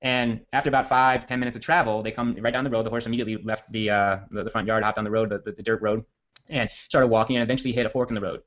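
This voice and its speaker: A man giving a casual copywriting training, telling a long story in a rambling, self-correcting, energetic way. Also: fairly low pitch, rapid-fire. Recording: dull lo-fi audio.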